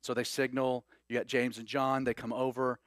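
A man preaching a sermon in an animated, conversational way with laughing asides. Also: medium pitch, normal speed, no room sound, studio quality. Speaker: pastor.

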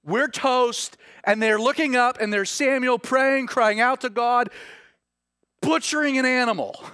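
A male pastor with a Southern US accent preaching a sermon, moving between hushed, slow stresses and rising, urgent passages. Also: extremely high pitch, smooth, no room sound, clean studio sound.

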